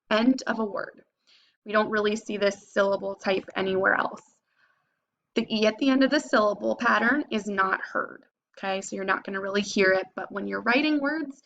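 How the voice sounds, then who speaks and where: Woman teacher sounding out syllables for little kids, slow and patient, bit of fry in her voice. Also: mid-range voice, a bit bright, slight background noise. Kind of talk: phonics lesson for young students.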